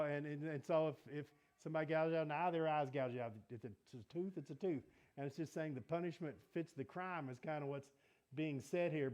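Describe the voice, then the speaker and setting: A man's voice: a little high, darkish tone. Conversational man leading a Bible study. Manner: conversational, asks the group questions. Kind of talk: casual teaching talk. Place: church meeting room.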